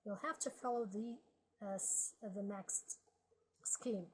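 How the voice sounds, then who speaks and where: A woman teaching a language lesson, slowly reading word lists aloud and explaining grammar step by step. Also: mid-range voice, darkish tone, slight background noise, poor audio. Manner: slow, methodical, reads word lists aloud.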